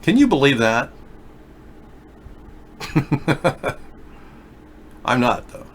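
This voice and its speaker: A man's voice: mid-range voice, sing-song, very slow, slight background noise. Rambling man hosting a call-in show. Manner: rambling, conspiratorial, talks to callers. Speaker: talk show host. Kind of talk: rambling live-stream commentary.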